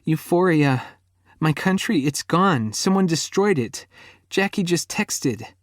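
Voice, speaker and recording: A man's voice: fairly high pitch, expressive, slow pace, no echo, clean studio sound, voice pushed up. A man reading an audiobook, voicing an upset young woman who lashes out with sarcastic outbursts. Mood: distraught.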